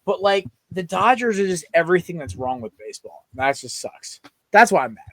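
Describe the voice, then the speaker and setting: A man's voice: high-pitched, big pitch swings, a little fast, no echo. A young man co-hosting a sports podcast, ranting with heated, strong opinions in casual chat. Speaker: podcast co-host.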